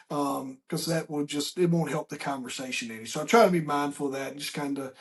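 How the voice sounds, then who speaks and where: Animated, higher-voiced male podcast host. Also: a little fast, creaky, hardly any pauses. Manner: animated storyteller who acts out quoted dialogue; chatty, with frequent restarts and asides. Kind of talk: casual conversational interview.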